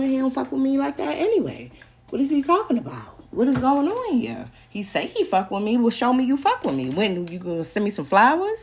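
A young woman holds forth on her podcast in a mid-pitched voice. She rants bluntly and profanely, gets animated, and laughs often between points. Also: husky. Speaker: podcast host. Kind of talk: casual podcast rant.

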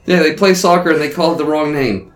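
A man's voice: a little high, fast talker. A man, talking crude, mocking banter with a friend. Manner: loud, crude, mocking, laughs often. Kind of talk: casual profane banter. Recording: roomy echo.

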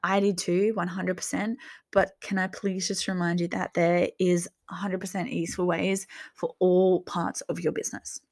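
A young woman hosting a coaching talk, gently guiding listeners through reflective questions. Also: lowish voice, level tone, normal speed. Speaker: business coach and podcast host.

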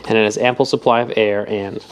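A man's voice: lowish voice, flat delivery, fairly quick, a little hiss or hum, lightly acted. A man voicing an eager young man reading old papers aloud, his voice rising on questions.

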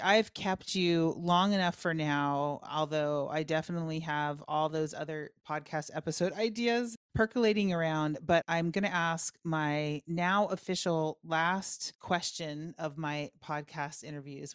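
A woman's voice: on the low side, smooth, no room sound, clean studio sound. A middle-aged woman hosting a podcast interview, chatting casually and effusively with her guest. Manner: enthusiastic, effusive. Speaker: podcast host, purpose coach.

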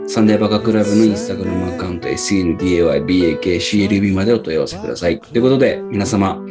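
A man's voice: deep voice, very fast, over music. A man hosting a podcast who signs off the episode after chatting casually. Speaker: podcast host. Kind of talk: casual chat and show sign-off.

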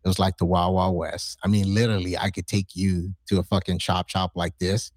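Guy in his 40s with a lowish voice, animated storyteller, swearing, acting out quotes, dry mic. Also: a little fast, dry recording. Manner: profane, excitable storyteller, acts out quotes. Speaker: podcast guest. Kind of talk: casual storytelling chat.

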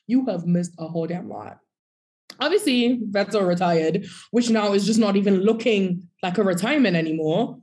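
A woman co-hosting a podcast in casual chat, animated, breaking into sung bits and mock quotes. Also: medium pitch, moderate pace. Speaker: podcast co-host.

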